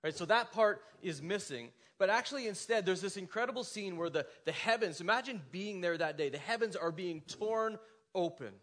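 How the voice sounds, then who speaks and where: A man's voice: high voice, expressive, moderate pace, fairly bright tone. A man preaching a sermon as a pastor, talking conversationally and acting out scripture quotes in dramatic voices.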